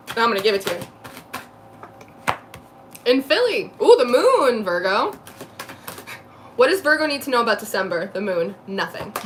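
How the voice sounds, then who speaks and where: This New Jersey tarot reader talks in a fairly high, slightly bright voice, with a faint hiss or hum underneath. Her live reading is chatty, full of laughter and quick side remarks.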